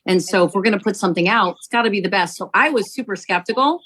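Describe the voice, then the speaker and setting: A woman, a company founder, telling an animated testimonial story to sell her product, acting out quotes as she goes. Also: medium pitch, quick pace, husky, rough recording. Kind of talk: testimonial sales pitch.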